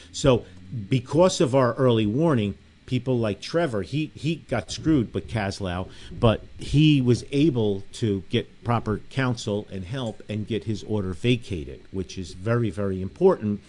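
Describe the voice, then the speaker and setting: A man's voice: fairly low pitch, a little slow, dark tone. A man hosting a radio talk show, making emphatic pleas and reading listener emails aloud.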